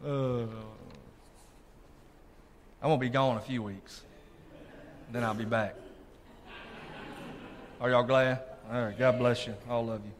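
A man's voice: medium pitch, a little hiss or hum. A male pastor preaching a sermon, calling out to his congregation to check they are listening. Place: church sanctuary. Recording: long reverb of a large hall.

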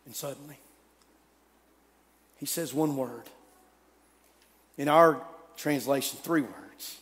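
A man preaching a sermon, telling the story dramatically, swinging from loud to hushed. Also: medium pitch, takes it slowly, in a large hall. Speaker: pastor.

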